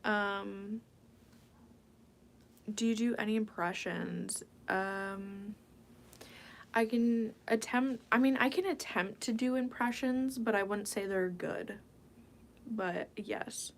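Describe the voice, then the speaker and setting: A woman at a mid-pitched speaking level runs a casual ASMR livestream. She answers her viewers in a playful, meandering way and often drops into a breathy whisper. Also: slow pace, pauses often, slight background noise. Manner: casual rambling, drifting into whispered asides; chatty and playful, reading viewer questions aloud. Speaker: ASMR livestream host reading chat.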